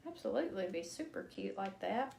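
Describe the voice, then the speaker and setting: A woman's voice: mid-range voice, expressive, fairly quick, creaky, a little mellow. A woman hosting a casual live craft demo, chatty and self-deprecating, laughing often at her own mistakes. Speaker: crafting livestream host. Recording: echoey room with faint noise.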